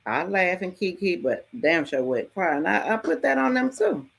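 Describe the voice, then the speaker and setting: A woman's voice: on the low side, normal speed, vocal fry, breathy edge. Frank, casual middle-aged woman host. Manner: frank, casual, lively storytelling with mild swearing. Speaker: podcast host. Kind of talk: candid motivational talk.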